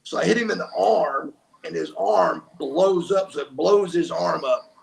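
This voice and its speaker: Speaking a little slowly in a slightly high, gravelly and very animated voice, an older former wrestler tells stories as an interview guest. He's emphatic and performs the quotes of the people involved.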